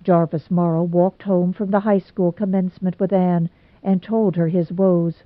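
A woman narrating a novel in a measured storytelling voice. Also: lowish voice, flat delivery, no echo. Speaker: audiobook narrator. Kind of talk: scripted narration. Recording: tinny phone-like sound, dry.

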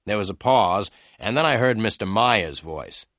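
A man narrating a detective story in clear, slow storytelling. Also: lowish voice, expressive, a bit bright, no room sound, studio quality. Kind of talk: scripted narration of a graded reader.

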